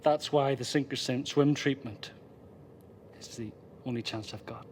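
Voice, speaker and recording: A man playing a desperate, volatile interrogator who shouts and swears at himself. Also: mid-range voice, unhurried, noisy background, lightly acted. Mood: grim. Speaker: frustrated interrogator. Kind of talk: indie film acting.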